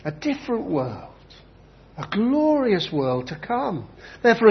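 A man preaching a sermon with emphatic delivery, repeating key phrases slowly for effect. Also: high voice. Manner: emphatic, with slow dramatic repetitions. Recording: dull lo-fi recording.

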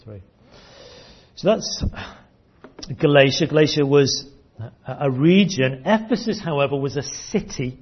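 Preacher guy teaching a sermon, kinda high voice, trips over words a lot, muffled recording. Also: unhurried, pauses often, breathy edge. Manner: earnest teaching tone, frequent repeated words and restarts. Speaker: pastor. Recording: dull lo-fi church recording.

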